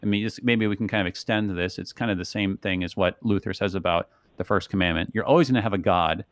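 Deep-voiced pastor hosting a radio show. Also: male voice, fast talker, no room sound, clean studio sound. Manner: conversational, frequent "right?" tags. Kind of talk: casual theological discussion.

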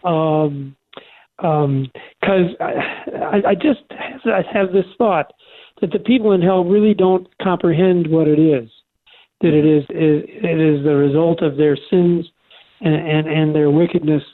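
Older male co-host calling in, earnest and halting, tinny phone sound. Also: a little high. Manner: earnest, halting with many restarts. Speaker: radio show co-host. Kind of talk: conversational faith talk.

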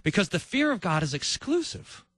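A male preacher giving a sermon in animated storytelling style, acting out each voice. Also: high-pitched, moderate pace, dry recording.

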